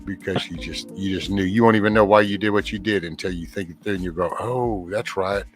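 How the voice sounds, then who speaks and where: A man with a very low, deep voice hosts a loose, casual chat. He rambles easily and reads out viewer comments between thoughts. Faint music plays behind him. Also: a little fast. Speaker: host reading viewer comments.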